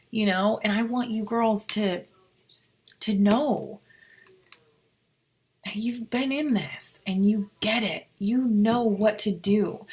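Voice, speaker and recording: A woman giving casual motivational advice to her team, acting out both sides of the conversations she describes. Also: mid-range voice. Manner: chatty, role-plays both sides of conversations.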